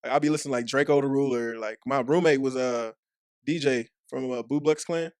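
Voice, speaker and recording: Young man, Texas accent, casual profane storytelling, mid pitch, dry close sound. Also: fairly even intonation, brisk, darkish tone, clean tone, no room sound. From Dallas, Texas. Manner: loose, profane storytelling full of "like" and acted-out quotes. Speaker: podcast guest, former football player. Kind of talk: casual chat.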